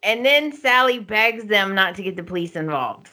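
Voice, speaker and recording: A woman co-hosting a podcast, retelling a soap opera's plot at length in an animated, casual way. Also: mid-range voice, normal speed. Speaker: podcast co-host.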